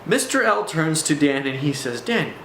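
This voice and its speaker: A man's voice: a little high, animated, moderate pace, bright, forceful tone, slight background noise. A man telling a personal spiritual testimony to camera, earnest and intense, often restarting his sentences. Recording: echoey room.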